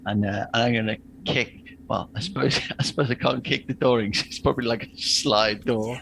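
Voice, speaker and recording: A man's voice: medium pitch, fairly even intonation, brisk, gravelly, fairly bright tone, slight background noise, low-quality recording. A man playing a tabletop game, rambling through his plans with frequent restarts. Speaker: player.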